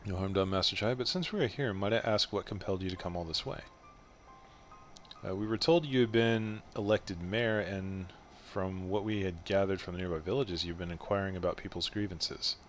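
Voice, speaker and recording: A courteous fantasy adventurer, read aloud by a man from game dialogue. The delivery is calm and courtly, with old-fashioned phrasing in a low, plain voice. Faint game music sits in the background. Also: moderate pace, close to an everyday voice. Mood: polite.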